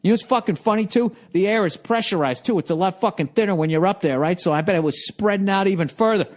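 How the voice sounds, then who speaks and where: A man with a rather high-pitched voice rambles through a comic monologue as a podcast host. He rants and swears with animated, exasperated energy. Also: fast. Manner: profane, animated, ranting storyteller.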